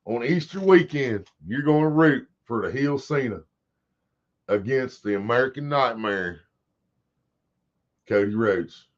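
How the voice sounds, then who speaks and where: A man's voice: mid-range voice, expressive, unhurried, pauses often. A man hosting a casual livestream, rambling and swearing as he talks to his chat. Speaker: livestream host. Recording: dull lo-fi stream audio.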